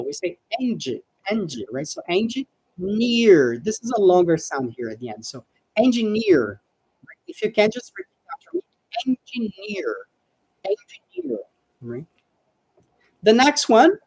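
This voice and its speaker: A woman teaching a live online English lesson, patiently repeating words slowly for pronunciation. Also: mid-range voice, big pitch swings, darkish tone, slightly rough, no room sound, rough recording.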